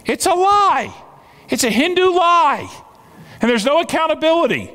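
A man's voice: very high-pitched, huge pitch swings, unhurried, long pauses, sharp tone. A man preaching a sermon as a pastor, emphatic and repeating his key phrases for weight. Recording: long reverb of a large hall.

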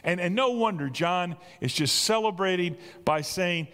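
A man preaching a sermon as pastor, talking in an animated, emphatic way that climbs to excited peaks. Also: high voice, moderate pace, clear, resonant tone. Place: large church hall. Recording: long church reverb.

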